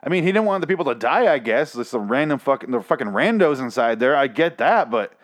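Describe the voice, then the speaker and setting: Male solo podcaster, mid-pitched, sarcastic and swearing, rambling recap on a close mic. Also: sing-song, quick pace, hardly any pauses. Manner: rambling, sarcastic, swears a lot, jumps into exaggerated outbursts. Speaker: podcast host reviewing a TV show. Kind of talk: casual profane solo recap.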